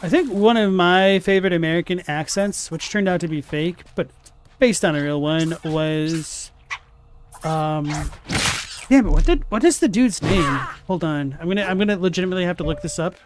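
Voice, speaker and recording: A man's voice: high-pitched, normal speed, a little hiss or hum. A young man casually commenting on a video game as he plays, reacting aloud and chatting with viewers. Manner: chatty, reacts aloud while playing and answers chat. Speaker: let's play host.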